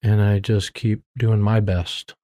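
Earnest man with a flat, dark voice. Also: fairly low pitch, slow pace. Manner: earnest, rambling with restarts and self-quotes; faith-filled, heartfelt. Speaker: interview guest sharing his testimony. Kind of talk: candid personal story.

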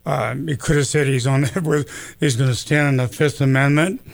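A man's voice: medium pitch, steady tone, normal speed, creaky. A man who owns a gun store, talking as a guest in a folksy, rambling way full of ums and uhs. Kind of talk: casual talk radio chat.

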